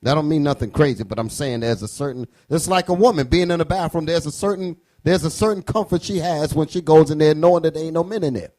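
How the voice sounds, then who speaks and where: A man leading a class. He speaks a little high and emphatically, and he keeps asking the room whether they follow. Plain, direct teaching. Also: quick pace, hardly any pauses, darkish tone. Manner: emphatic, checks the room with questions.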